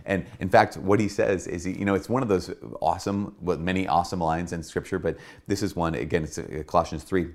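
Deep-voiced priest giving an earnest reflection. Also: male voice, fairly even intonation, brisk, few pauses. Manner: earnest, repeats key phrases for emphasis. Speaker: Catholic priest. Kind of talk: spoken homily-style reflection.

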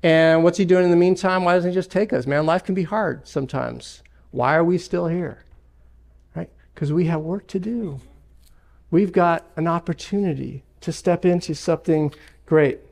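A man's voice: on the high side, normal speed, vocal fry, a little mellow. A man preaching a sermon as pastor, emphatic, with repeated phrases and personal stories. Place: church sanctuary.

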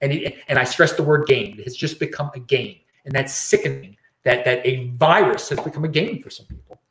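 A man's voice: medium pitch, fairly quick, fairly bright tone, roomy sound, slight background noise. A man hosting his own show, ranting in casual commentary and often repeating and restarting words. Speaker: show host.

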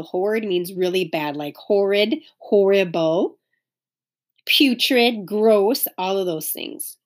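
A woman reading a children's chapter book aloud as a teacher, pausing to explain words to young listeners. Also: mid-range voice. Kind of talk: read-aloud storytelling with explanations.

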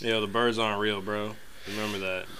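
A man's voice: on the low side, level tone, brisk, pushed and bright, clean tone. A man chatting casually on a podcast, laid-back, profane and joking. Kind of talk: casual chat.

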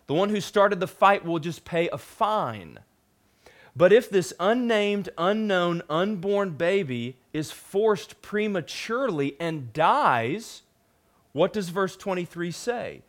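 A young male pastor giving a sermon in a loose, conversational way, full of fillers and quick asides. His voice sits a little high for a man. His delivery is lively. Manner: conversational, animated storytelling with frequent fillers.

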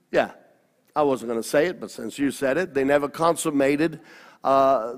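A man preaching a personal testimony sermon, telling his story in an animated, halting way with restarts. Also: medium pitch, long reverb tail.

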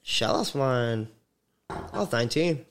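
A man's voice: medium pitch, lively intonation, a little slow, a bit bright, slight background noise. A young man chatting casually on a podcast, joking and swearing and laughing often. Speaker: podcast guest. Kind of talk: casual chat.

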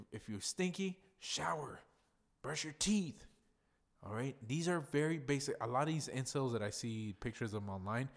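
A tipsy man hosting a podcast in a blunt, profane, ranting monologue. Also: medium pitch. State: tipsy from drinking. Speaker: podcast host.

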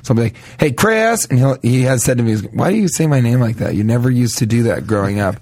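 A man's voice: mid-range voice, fast, mellow, no echo. A young adult man co-hosting a comedy podcast in casual chat, rambling and slipping into silly put-on voices. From Denver, United States.

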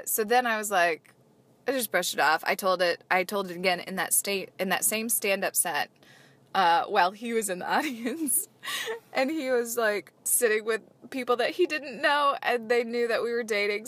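A woman's voice: mid-range voice, a bit bright. A woman telling a frank, comic personal story in casual chat, acting out the people she quotes. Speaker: podcast guest.

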